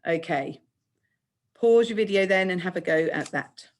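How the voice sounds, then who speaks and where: A woman with an English accent teaching children in a recorded remote lesson, speaking clearly, patiently and encouragingly. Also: lowish voice, normal speed. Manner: clear, patient, encouraging, acts out example speech lines. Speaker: primary school teacher.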